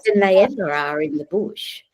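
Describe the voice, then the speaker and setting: A woman's voice: lowish voice, expressive, normal speed, a little mellow, rough recording. A middle-aged Australian woman, a psychiatrist guest, chatting in an interview and telling stories with frequent laughs and restarts. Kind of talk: casual conversational interview.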